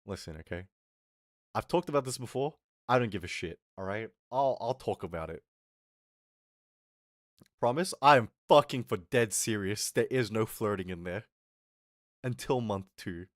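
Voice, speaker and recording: A young man streamer telling a story in a casual rant, animated and swearing, acting out what people said. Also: fairly low pitch, normal speed, long pauses, dry recording, clean studio sound.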